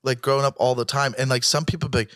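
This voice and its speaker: A man's voice: medium pitch, fairly even intonation, rapid-fire, a bit bright, dry recording, studio quality. A man who is a comedian guest on a podcast, telling rambling, profane stories in casual chat and often cutting himself off. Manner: rambling, profane, self-interrupting storytelling.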